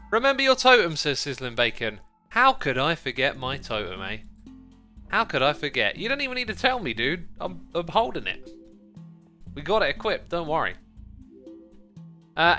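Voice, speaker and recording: Bright, lively man hosting a game stream. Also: fairly high pitch. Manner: chatty, playful, easily sidetracked. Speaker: livestream host. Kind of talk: casual gameplay livestream commentary.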